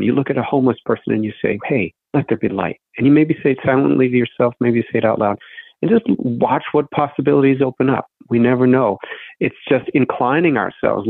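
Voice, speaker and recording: A man's voice: medium pitch, creaky, breathy edge, no echo. A male songwriter speaking reflectively in a radio interview, explaining his ideas. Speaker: songwriter guest. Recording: phone-line interview, dry.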